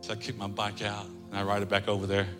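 Animated storytelling pastor in a big church. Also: male voice, fairly low pitch, fast. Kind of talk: sermon with storytelling. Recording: reverberant church hall, faint music.

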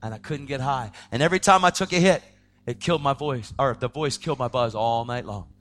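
A man preaching his testimony in a dramatic storytelling style, swinging between loud outbursts and hushed tones. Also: medium pitch, fairly quick. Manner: acts out the voices of people in his story. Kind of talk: testimony sermon.

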